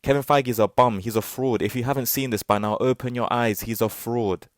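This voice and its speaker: A man's voice: mid-range voice, fairly even intonation, brisk, no room sound, studio quality. A man recapping a TV episode in a sarcastic, mocking, profane way, stretching repeated words for ironic stress. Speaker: TV show reviewer.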